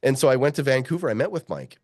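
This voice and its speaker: He's a middle-aged man with a profane, animated storytelling style who keeps slipping into the voices of the people he quotes. His voice sits at an ordinary pitch, and the recording is dry and close, with no room sound behind it. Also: fast talker, no room sound. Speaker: mining geologist guest. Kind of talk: storytelling interview.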